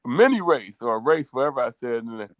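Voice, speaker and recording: A man's voice: medium pitch, steady tone, quick pace, clear, resonant tone, no echo. A middle-aged man co-hosting a casual podcast over a video call, telling rambling, sentimental stories. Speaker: co-host.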